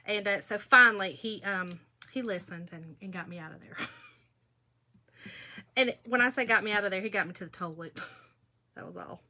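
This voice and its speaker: This middle-aged woman speaks at normal speed in a medium-pitched, bright, forceful voice, pausing often. Hosting a craft video, she gossips and tells stories to her viewers while she crafts.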